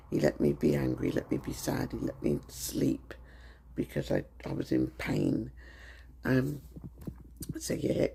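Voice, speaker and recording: A British man with a croaky voice, chatting candidly to his phone camera as a vlogger, with frequent ums. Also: mid-range voice, warm tone. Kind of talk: casual chat to camera.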